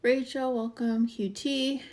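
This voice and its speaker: A woman's voice: high voice, little pitch movement, slow, darkish tone. A woman hosting a casual live-stream show, chatting and greeting viewers by name. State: out of breath. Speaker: waxing show host.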